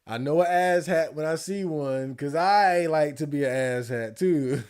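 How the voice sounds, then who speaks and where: A man streaming casual commentary, laid-back and slangy, swearing freely and laughing often, a little hoarse. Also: a little high, measured pace, a little mellow. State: losing his voice. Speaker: streamer reacting to election night.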